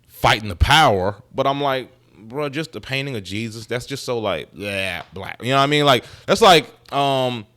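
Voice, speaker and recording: A man's voice: on the low side, fairly bright tone, no room sound, studio quality. A man hosting his own commentary channel, talking casually in a joking, profane, rambling way full of asides.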